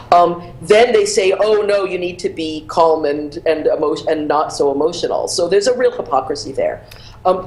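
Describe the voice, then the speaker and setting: A woman's voice: on the low side, darkish tone. Passionate woman guest with a roomy echo. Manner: passionate, emphatic argument. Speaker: guest author. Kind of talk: panel discussion.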